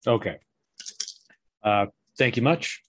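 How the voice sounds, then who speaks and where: A man playing a tabletop game, speaking politely and deliberately with some hesitation. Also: fairly low pitch, fairly bright tone. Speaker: player.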